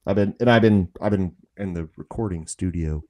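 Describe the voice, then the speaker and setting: A man's voice: low-pitched, brisk, a little mellow. A man in casual live-stream chat, joking around and now and then slipping into silly voices. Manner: playful, jokey, drifts into silly character voices.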